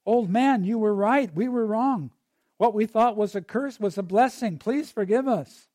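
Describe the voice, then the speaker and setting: A man's voice: high voice, measured pace, warm tone, dry recording. A man voicing a crowd of scornful villagers who lecture an old neighbor. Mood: apologetic. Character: scoffing village crowd of men and women.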